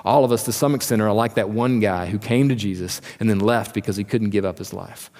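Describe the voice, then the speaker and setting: A man preaching an earnest sermon in a lowish voice, putting direct questions to his listeners. His words ring out with a long reverb in a church hall. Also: fairly quick, darkish tone. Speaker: pastor.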